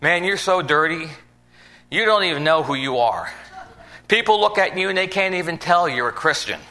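A man's voice: a little high, animated, normal speed, sharp tone. A man preaching an informal sermon in a folksy, conversational way, acting out little scenes as he goes.

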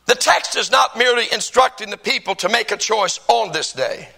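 A man's voice: high-pitched, lively intonation, a little fast, vocal fry, bright, forceful tone, rough recording. A man preaching a sermon as pastor, stressing and repeating key phrases.

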